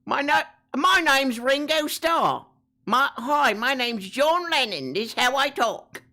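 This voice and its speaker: A cheeky, chirpy working-class British bloke pitched way up into a thin squeak, as a man puts him on. The caricature is broad and silly, bright and sharp at the edges, with the voice sitting back from the microphone. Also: expressive, slow pace, full character voice. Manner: exaggerated mock British put-on.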